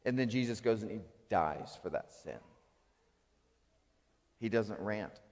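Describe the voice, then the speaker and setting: Animated male pastor in a hall. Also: on the low side, a little slow. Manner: animated, swings between acted outbursts and quiet reflection. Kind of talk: sermon. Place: church sanctuary.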